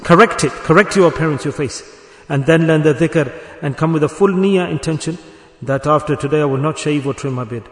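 A man's voice: on the high side, fairly quick, few pauses. A man preaching a sermon as a Sufi teacher, earnest and repetitive, building to emphatic bursts. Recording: echoey hall reverb.

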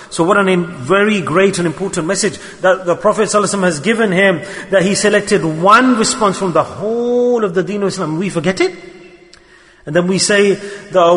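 A man giving a sermon on a hadith, quick and emphatic, firing rhetorical questions at the audience. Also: sits high, a bit bright. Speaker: preacher. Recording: long hall reverb.

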